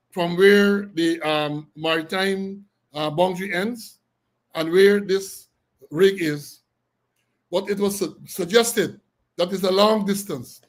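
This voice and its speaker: A man from Guyana with a Guyanese accent, hosting a talk show and speaking critically and repetitively about government matters. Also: sits high. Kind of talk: political talk show commentary.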